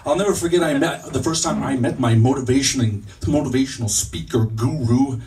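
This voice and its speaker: A man's voice: medium pitch, brisk, a little mellow. A man performing stand-up comedy as a fake motivational speaker, mock-earnest and stumbling over his own puns, on a comedy club stage. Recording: distant mic with faint room noise.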